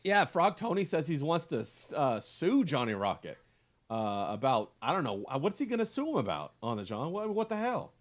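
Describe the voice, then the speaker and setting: Slangy higher-pitched male podcast host. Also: big pitch swings, normal speed. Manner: loose, slangy and crude, lots of "bro" and laughs. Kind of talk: casual banter.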